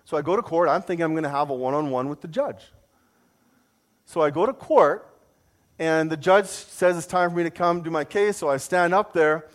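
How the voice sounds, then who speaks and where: A man preaching a sermon, telling a personal story with self-deprecating humor and jumping into a high voice to mimic his own outrage. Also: normal speed. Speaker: pastor.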